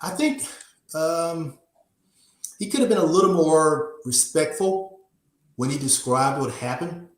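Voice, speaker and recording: A man, a defense attorney guest on a podcast, giving measured legal analysis and often repeating words as he thinks. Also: on the high side, expressive, roomy sound.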